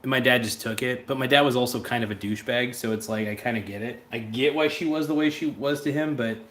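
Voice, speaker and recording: A man's voice: medium pitch, quick pace, fairly bright tone. A man hosting a livestream, talking in a casual, rambling and blunt way and answering viewer chats. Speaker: livestream host.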